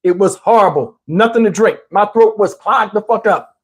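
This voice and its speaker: A middle-aged man from New Jersey telling a comic story in a casual, animated, profane way, talking to listeners as y'all. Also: high voice, moderate pace, slightly rough.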